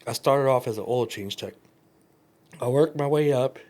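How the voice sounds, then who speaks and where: A man's voice: medium pitch, normal speed, darkish tone. A man chatting as a podcast guest and brand coach, telling stories, acting out quoted dialogue and laughing often. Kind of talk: casual chat.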